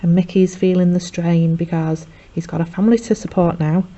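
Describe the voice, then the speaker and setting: A woman's voice: on the low side, fairly even intonation, dark tone. Chatty woman teacher, lo-fi recording. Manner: chatty, acts out characters' lines in quick voices. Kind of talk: revision lesson retelling a play. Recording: dull lo-fi sound.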